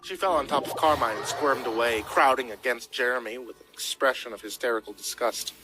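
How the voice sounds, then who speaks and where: A man's voice: mid-range voice, a little fast, music in the background. A man narrating a crime thriller in a dramatic storytelling voice. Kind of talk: audiobook narration.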